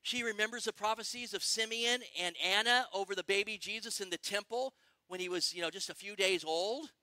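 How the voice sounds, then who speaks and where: Excitable high-voiced male preacher. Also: no room sound. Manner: excitable, quick bursts, asks the congregation questions. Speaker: pastor. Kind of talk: sermon.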